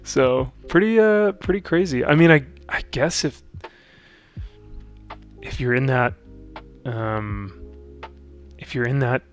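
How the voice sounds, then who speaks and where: A man's voice: mid-range voice, slow, pauses often, faint music behind. A man hosting a casual livestream, chatting while building models, with lots of hesitant ums and restarts. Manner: rambling, hesitant with frequent ums. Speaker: livestream host. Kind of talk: casual hobby-stream chat.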